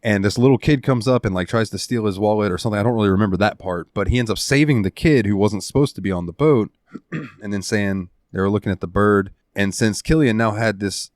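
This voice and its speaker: A man hosting a casual podcast, recounting a game's ending with animated, heartfelt storytelling and some swearing. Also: lowish voice, fast talker, no echo, clean studio sound. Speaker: podcast host. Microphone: studio headset mic.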